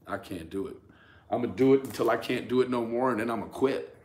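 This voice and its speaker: A man's voice: medium pitch, brisk, darkish tone, slight background noise. A man hosting a casual commentary rant for his channel, speaking emphatically, often stammering and repeating words as he addresses viewers and critics directly. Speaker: YouTube true crime commentator.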